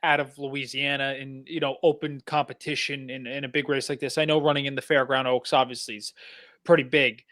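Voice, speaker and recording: A man's voice: mid-range voice, little pitch movement, brisk, a bit bright, no room sound, studio quality. A man co-hosting a horse-racing podcast, easygoing and a bit hesitant, repeating words as he thinks. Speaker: podcast co-host. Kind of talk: casual handicapping chat.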